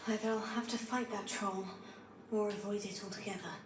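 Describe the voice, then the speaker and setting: An actress voicing a young female adventurer in a video game, making calm, matter-of-fact remarks to herself. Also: mid-range voice, fairly quick, natural voice. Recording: distant game audio, echoey, loud noise.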